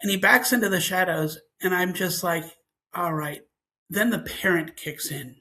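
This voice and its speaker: A man's voice: high-pitched, moderate pace, sharp tone, rough recording. A man, a scientist guest, telling a personal story and acting out the dialogue as he goes.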